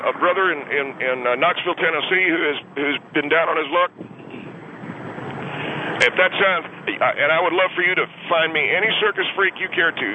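A man calling a radio show from a moving car, indignant and stammering as he rambles on. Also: on the high side. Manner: indignant, stammering, long-winded. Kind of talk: call-in radio interview. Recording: tinny phone line with road noise.

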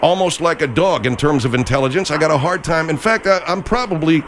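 A man hosting a comic radio talk show, animated and quick to backpedal. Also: fairly high pitch, slight background noise.

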